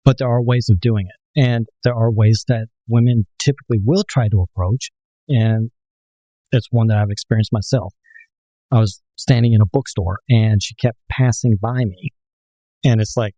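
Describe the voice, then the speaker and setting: Calm male dating coach, warm dark tone, explains patiently, dry close sound. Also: medium pitch, normal speed, no echo, low-quality recording. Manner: calm, explanatory, tells personal stories. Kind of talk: casual chat.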